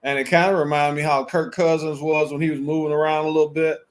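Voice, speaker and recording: A man's voice: a little high, little pitch movement, quick pace. Emphatic sports talk co-host, man. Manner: emphatic, conversational. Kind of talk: casual sports debate.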